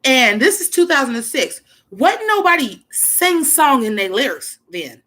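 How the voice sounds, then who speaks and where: A woman hosting a casual music stream, loose and profane, reminiscing and giving shout-outs to friends. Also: high-pitched, big pitch swings, a little slow. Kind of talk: casual chat over music. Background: faint hip hop music.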